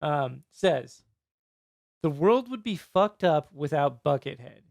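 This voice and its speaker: A fairly high male voice with a gravelly, fry-laden edge and a dry sound. He hosts a podcast in casual, joking chat and fumbles names as he goes. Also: big pitch swings, slow pace, darkish tone, no room sound. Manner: laid-back, joking, stumbles over names. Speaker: podcast host.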